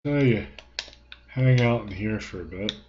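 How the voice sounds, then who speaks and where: Speaking at a measured pace in a fairly low voice, a man rambles wryly and jokes through a video game playthrough as a let's play host. The desk mic at home picks up button clicks and background noise, and the recording is dull and lo-fi with game music underneath.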